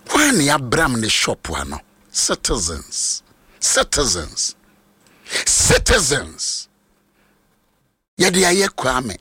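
A Ghanaian man preaching a sermon, shouting and sing-song, repeating phrases over and over. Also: medium pitch, breathy edge, no echo.

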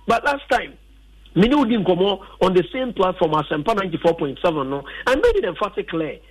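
A man's voice: high-pitched, big pitch swings, brisk, breathy edge, rough recording. A man with a Ghanaian accent talking football as a radio pundit, emphatic and sliding between English and a local language. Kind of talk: radio sports talk.

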